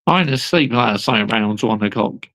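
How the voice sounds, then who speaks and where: A man's voice: on the low side, expressive, moderate pace, a bit bright. A young British man hosting a livestream, ranting as a fan and repeatedly calling viewers "people" and "mate". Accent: British English. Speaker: livestream host.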